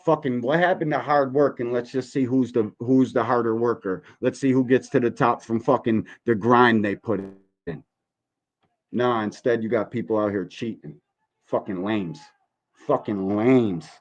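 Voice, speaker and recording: Male stream host, mid-pitched, loose and profane, heated casual commentary. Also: normal speed, lo-fi sound. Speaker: podcast host reacting to boxing videos.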